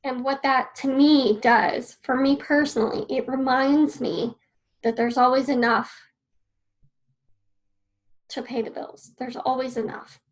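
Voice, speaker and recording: A woman's voice: high voice, fairly even intonation, measured pace, pauses often, poor audio. A woman teaching a class in an earnest, personal way, repeating key phrases as she writes notes on a board. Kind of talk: casual spoken lesson.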